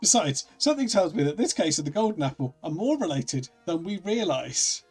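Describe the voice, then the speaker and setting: A man voicing a calm, polite gentleman professor as he reads game dialogue aloud in a measured, courteous way. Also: a little high, husky, soft background music, heavily acted. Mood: composed.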